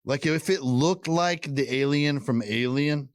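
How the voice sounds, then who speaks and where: A man co-hosting a podcast in casual chat, joking and telling things with animated energy. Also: fairly high pitch, measured pace, no echo. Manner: joking, animated storytelling with put-on voices. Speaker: podcast co-host. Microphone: headphones, podcast mic.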